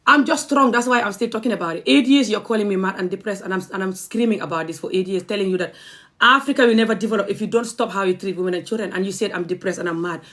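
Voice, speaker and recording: A woman's voice: medium pitch, very fast, a bit bright. A young adult woman from the Gambia, ranting angrily on a livestream. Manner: impassioned, angry, confrontational. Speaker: vlogger. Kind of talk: livestream rant.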